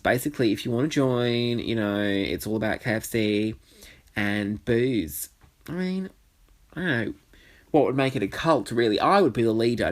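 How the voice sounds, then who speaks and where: Man, solo podcast host, chatty and sweary, wanders off on tangents. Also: medium pitch. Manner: rambling, sweary, goes off on tangents. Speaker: podcast host, drag performer. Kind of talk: casual solo podcast chat. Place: bedroom.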